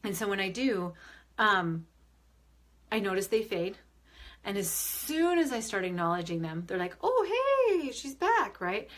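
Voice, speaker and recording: A woman's voice: medium pitch, expressive, a little slow, long pauses, fairly bright tone. Young adult woman, spiritual medium, upbeat and chatty, answering viewer comments on a live stream, loose and rambling. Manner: chatty, upbeat, many fillers and restarts; reads viewer comments aloud and answers them. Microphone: phone or webcam on a live video stream.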